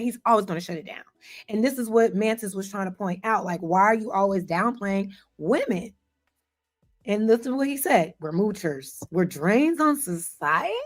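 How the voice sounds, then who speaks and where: A woman hosting an online commentary show, reacting to a panel clip in an animated, emphatic way and speaking to her chat. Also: medium pitch. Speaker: commentary host.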